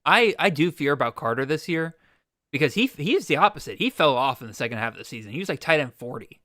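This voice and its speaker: A man's voice: fairly high pitch, sing-song, fast talker, bright, forceful tone, no echo, studio quality. A man hosting a live-streamed fantasy draft, thinking aloud with restarts and playful mock exasperation. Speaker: podcast host.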